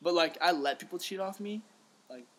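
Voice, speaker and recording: A young man co-hosting a podcast, telling a story in casual chat, animated, swearing freely and acting out what people said. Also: high-pitched, a little fast, heavy background noise. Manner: animated, swears freely, acts out quotes, laughs often. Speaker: podcast co-host.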